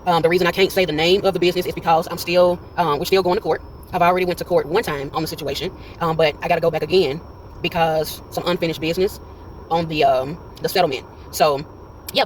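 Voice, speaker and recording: A man's voice: high voice, a little hiss or hum, poor audio. A man in his forties telling a story in a casual vlog, retelling it with energy and acting out each quoted line. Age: 40s. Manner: animated retelling that acts out quoted dialogue. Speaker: vlogger. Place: in a parked car.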